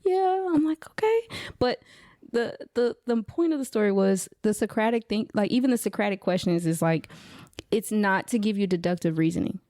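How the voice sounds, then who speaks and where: A woman's voice: medium pitch, a little fast, warm tone, dry recording, studio quality. A woman speaking as a podcast guest and therapist, telling a story casually with many fillers and frequent laughter. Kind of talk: casual conversation.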